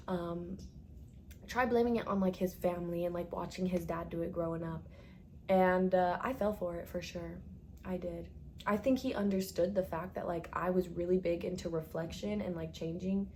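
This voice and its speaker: A woman's voice: lowish voice, steady tone, normal speed, darkish tone, a little hiss or hum. Chatty young woman telling a story. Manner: chatty, dramatic, full of "like" and swearing. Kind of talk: casual storytime monologue.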